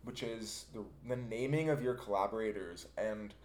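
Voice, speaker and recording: A man's voice: on the low side, normal speed, a little mellow, echoey room. A man co-hosting a podcast in casual chat, rambling with many fillers and restarts. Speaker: podcast co-host.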